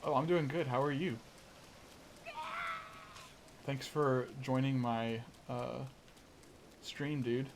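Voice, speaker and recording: A man's voice: mid-range voice, fairly even intonation, slow pace, pauses often, slight background noise. Chatty man streaming a game. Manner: rambling, chatty, many fillers and restarts. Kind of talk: casual live gameplay commentary.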